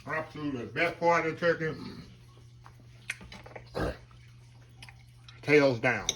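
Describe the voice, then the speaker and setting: A man's voice: on the high side, slow pace, fairly bright tone, a little hiss or hum. A man hosting a casual cooking vlog, talking folksy and calling his viewers y'all. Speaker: cooking channel host. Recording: kitchen with sizzling grease behind.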